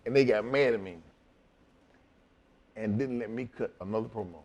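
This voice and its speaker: At a moderate pace, in a slightly mellow voice on the low side, a middle-aged guest spins blunt, swear-laden wrestling stories for an interview. He reenacts old dialogue by doing both speakers.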